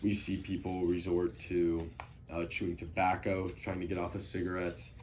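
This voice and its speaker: A man's voice: low-pitched, completely flat delivery, moderate pace, darkish tone, slight background noise. A young man giving an earnest persuasive speech, with frequent ums and restarts. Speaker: student speaker.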